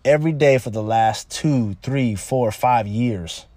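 A man talking casually and bluntly about dating, animated and repetitive, jumping higher when he quotes people. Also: measured pace, no echo. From California, United States. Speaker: relationship advice talker. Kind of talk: casual monologue.

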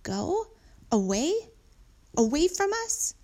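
A woman's voice: medium pitch, expressive, a little fast, warm tone, natural voice. A woman voicing an anxious, earnest young boy in a storybook reading. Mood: upset.

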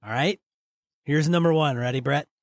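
A man's voice: on the high side, moderate pace, no room sound, clean studio sound. A man co-hosting a casual podcast, talking his partner through voice exercises. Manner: coaching, prompts his partner by name. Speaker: podcast co-host.

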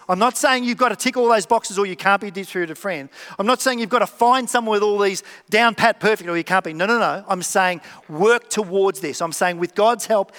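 A man with a fairly high voice preaches in a church hall, where a long reverb trails after each phrase. He talks conversationally, acting out short exchanges and repeating his key lines. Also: a bit bright. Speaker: pastor. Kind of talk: sermon.

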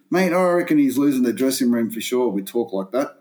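A man's voice: mid-range voice, lively intonation, a little fast, darkish tone. A man with an Australian accent, co-hosting a casual sports chat, rambling, swearing a lot and laughing often. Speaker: podcast co-host.

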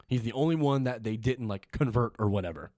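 Man, mid pitch, laid-back casual comic chat, dry close mic. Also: animated, brisk, dark tone, dry recording. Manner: laid-back, laughs often, swears casually. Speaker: comic book podcast co-host.

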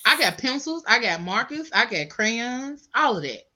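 Bright, blunt woman host. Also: a little high, very animated, moderate pace. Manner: blunt, profane, laughing. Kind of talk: casual chat.

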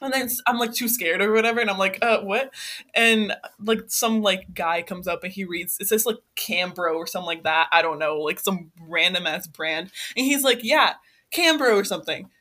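A young woman with a bright, clear voice tells a work story in loose, casual chat. She fills almost every phrase with "like" and keeps an animated pace. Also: mid-range voice, moderate pace. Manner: animated, fillers of "like" throughout. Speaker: podcast guest.

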